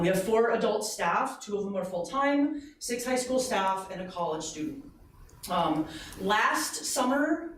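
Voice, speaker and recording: A woman's voice: mid-range voice, a little hiss or hum. Woman reporting from far across an echoey room. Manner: conversational, many ums, gets emotional. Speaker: community education director. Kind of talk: report at a school board meeting. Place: school board meeting room.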